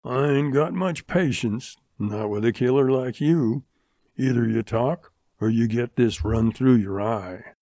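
A man voicing a cruel male outlaw who slowly and coldly threatens his captive in a western audiobook. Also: mid-range voice, mellow, no echo, natural voice. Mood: menacing. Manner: slow, threatening, demanding.

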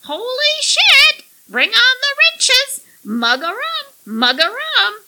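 A woman voicing a male parrot that squawks pirate phrases in a shrill, piercing voice. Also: sing-song, takes it slowly, bright, forceful tone, heavily acted. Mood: squawking.

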